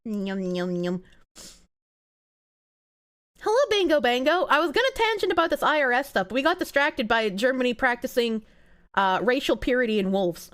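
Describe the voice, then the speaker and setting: Animated, swearing woman streamer. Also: on the high side, moderate pace, pauses often, clear, resonant tone. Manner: animated, gushing, swears freely; breaks into excited squeals. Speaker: livestreamer. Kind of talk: casual live-stream chat.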